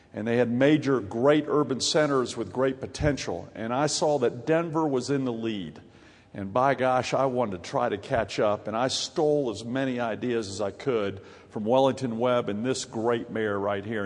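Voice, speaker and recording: A middle-aged man with a Southern US accent, a mayor giving a folksy, joking conference speech. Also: mid-range voice. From grew up in Ohio and North Carolina. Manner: folksy, joking, gets louder and more emphatic. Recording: long hall reverb.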